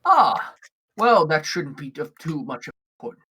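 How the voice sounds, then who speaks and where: A man's voice: a little high, very animated, moderate pace, sharp tone, slight background noise, rough recording. A man voicing a portly, friendly male orc who owns a ship, talking eagerly and politely with lots of hesitations. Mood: explaining. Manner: eager, courteous, stammering.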